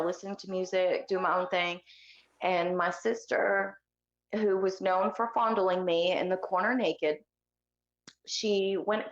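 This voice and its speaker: Woman guest, candid heated storyteller, lo-fi echoey call audio. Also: lowish voice. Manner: candid and heated, with many fillers. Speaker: guest sharing her life story. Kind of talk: personal storytelling in a podcast interview.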